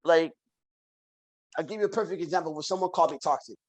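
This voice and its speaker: Animated man telling stories, fairly high voice. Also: fast, a crowd in the background, rough recording. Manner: animated storyteller, repeats phrases for emphasis. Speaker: podcast guest. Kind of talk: casual conversation.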